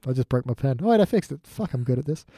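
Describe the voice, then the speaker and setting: A man chatting casually about a TV episode, swearing and acting out scenes in quick voices. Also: medium pitch, animated, warm tone, no room sound, clean studio sound. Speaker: podcast co-host. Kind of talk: casual chat reviewing a TV episode.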